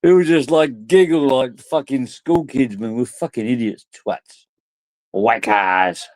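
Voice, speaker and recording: A man's voice: medium pitch, expressive, unhurried, warm tone, no room sound. A drunk man, rambling crudely and giggling through a casual vlog chat. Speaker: vlogger.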